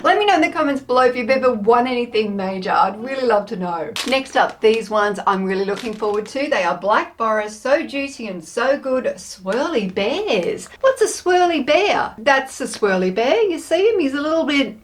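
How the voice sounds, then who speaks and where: This woman, a food taste-test vlogger, speaks in a slightly high, lively voice at a moderate pace with hardly any pauses while sampling snack after snack on camera. Chatty and playful, she laughs frequently and voices every passing thought.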